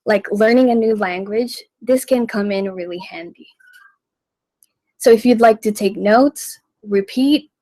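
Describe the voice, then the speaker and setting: A woman hosting a radio language lesson, speaking deliberately and repeating words so listeners can copy them. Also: fairly high pitch, a little mellow, dry recording, rough recording. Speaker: radio host and language teacher.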